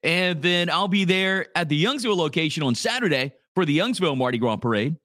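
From a small office studio, a man from Louisiana runs a live radio morning show full of casual talk and ad reads. He sounds animated, a little high and a bit bright, speaks fairly quickly, keeps things laid-back and chatty with plenty of "dude," and the recording has no room sound.

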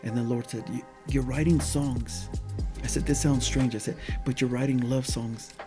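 Over music, a man with a medium-pitched voice and a moderate pace gives his testimony as a guest in a relaxed conversation. He retells his personal faith story with animation, voicing the dialogue himself and at times lowering to almost a whisper.

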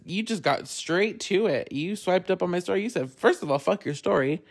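Podcast host, casual solo storytelling, animated, frequent laughter, freely profane, middle pitch.

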